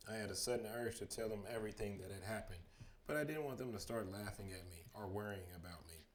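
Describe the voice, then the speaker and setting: A lowish-voiced man rushes through a bedtime reading of a children's chapter book, even in narration and more animated on spoken lines. There's a little hiss or hum in the background.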